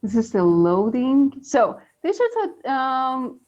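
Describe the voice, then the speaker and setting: Woman co-host, unhurried teacher, light high voice, loose filler-heavy delivery. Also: expressive, a little mellow, lo-fi sound. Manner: chatty, many fillers, laughs often. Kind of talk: casual live English lesson.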